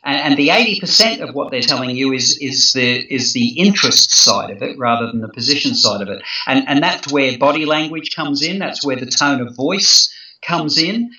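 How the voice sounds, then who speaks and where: A man's voice: medium pitch, lively intonation, normal speed, bright, forceful tone. A man in an interview explaining negotiation at length, talking thoughtfully with many fillers, restarts and repeated words. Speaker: negotiation expert guest. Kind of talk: conversational interview. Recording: roomy, distant, muffled sound.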